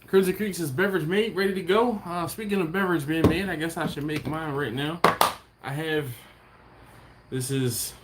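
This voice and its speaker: Man, slightly higher voice, casual live-stream host, chatty and chuckling, faint background hum. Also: normal speed. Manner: relaxed, greets viewers by name, chuckles often. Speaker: barbecue livestream host. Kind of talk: casual live-stream chat reading viewer comments. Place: home.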